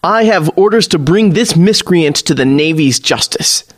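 A man's voice: fairly high pitch, expressive, moderate pace. A man voicing a proud young male navy officer and warlock who speaks stiffly and with indignation.

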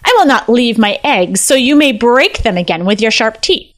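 Woman voicing a shrill, scolding old pheasant, storybook. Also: lively intonation, normal speed, a bit bright, no echo.

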